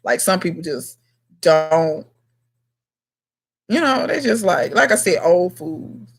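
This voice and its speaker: A woman's voice: lowish voice, lively intonation, slow, gravelly. A woman in her thirties hosting a casual livestream chat, talking bluntly to her viewers in slangy, emphatic speech. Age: 30s. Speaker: gardening channel host.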